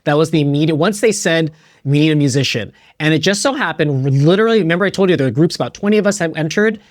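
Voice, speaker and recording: Host, male, animated storyteller in a dry room. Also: a little high, quick pace, dry recording. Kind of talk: casual group conversation.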